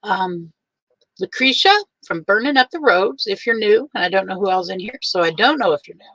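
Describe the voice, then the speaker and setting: An older woman hosting a casual livestream. She greets each viewer by name in a warm, chatty way and is teary. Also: medium pitch, lively intonation, fairly quick, dry recording, poor audio.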